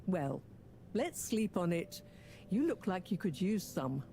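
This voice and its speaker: A prim, motherly professor in a video game, speaking with precise, proper diction. Her voice rises and falls widely, with faint low rumble underneath. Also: very animated, takes it slowly, gravelly, warm tone, full character voice. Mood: fussy. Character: prim, wordy older woman professor, motherly.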